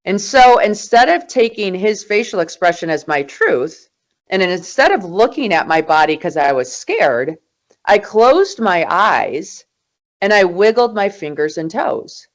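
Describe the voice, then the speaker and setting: A woman in her forties, a guest in an interview, telling her story in an animated, emphatic way. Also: medium pitch, measured pace. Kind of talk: conversational interview.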